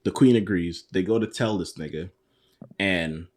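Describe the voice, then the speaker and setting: A man's voice: deep voice, normal speed, darkish tone. A man co-hosting a podcast, chatting casually and laughing often as he acts out lines from a book. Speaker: podcast co-host. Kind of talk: casual chat recapping a book series.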